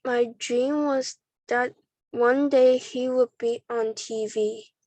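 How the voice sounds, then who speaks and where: A sad, hungry schoolgirl, read by a woman, speaks quietly and apologetically in a storybook reading. Her words come slowly, a little high, in a close dry recording. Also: steady tone, dry recording.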